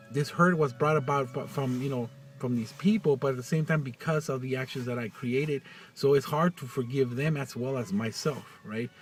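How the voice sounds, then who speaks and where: A man talking in a personal vlog, halting and full of restarts, getting choked up as he speaks. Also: fairly high pitch, slightly rough, recorded from a distance. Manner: halting, many restarts and fillers. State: choked up, near tears. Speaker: vlogger.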